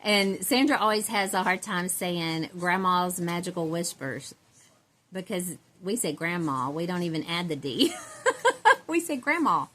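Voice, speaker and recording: Woman vlogger, lowish voice, rambling casual chat with frequent laughs. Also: expressive, a little slow, a bit bright. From Central Texas. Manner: rambling, chatty, laughs often, self-described country girl. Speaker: doll-collecting vlogger.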